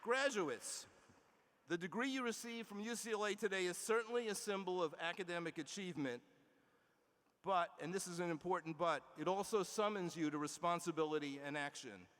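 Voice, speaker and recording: A man delivering a formal commencement address from a podium in a large indoor arena, measured and emphatic, with small restarts and asides. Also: on the high side, fairly bright tone. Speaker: university leader giving commencement address. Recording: long arena reverb.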